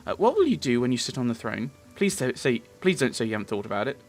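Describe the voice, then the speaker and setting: A man's voice: mid-range voice, big pitch swings, fast talker, faint music behind. A man reading the lines of a proud, guarded young woman warrior from a game in his own plain voice. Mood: earnest. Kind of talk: reading game dialogue aloud.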